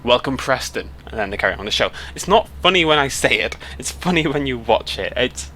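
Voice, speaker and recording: A man's voice: medium pitch, sing-song, fast talker, sharp tone. A young British man chatting casually to camera on a road trip, rambling and cutting himself off as he goes, speaking into a headset mic. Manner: chatty, rambling, self-interrupting. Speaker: YouTuber.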